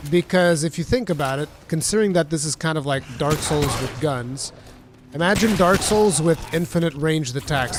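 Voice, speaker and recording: A man streams a game and chats as he goes, wandering from thought to thought. His voice sits a touch higher than most men's. Faint game ambience hums under his talk. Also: background noise. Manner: rambling, thinking aloud, chatty; thanks chat viewers warmly. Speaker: gaming streamer. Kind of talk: casual let's-play commentary.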